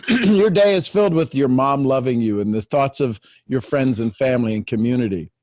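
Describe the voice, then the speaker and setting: A man's voice: medium pitch, normal speed, darkish tone, no echo. A man hosting a spiritual talk show, reading a devotional aloud in an earnest, preacherly way. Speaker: podcast host.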